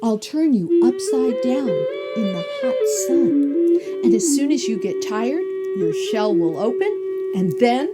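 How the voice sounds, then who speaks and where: A woman voicing a hungry, scheming male coyote in a spoken storybook tale, drawing out her threats slowly and slyly. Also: sits high, very animated, loud music behind the voice. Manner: sly, drawn-out threats.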